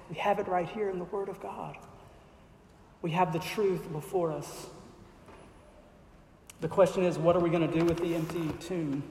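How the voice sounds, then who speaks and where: A man's voice: on the high side, a little mellow, a little hiss or hum. A man pastor preaching an earnest sermon to his church and closing in prayer. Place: church hall. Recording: echoey hall with long reverb.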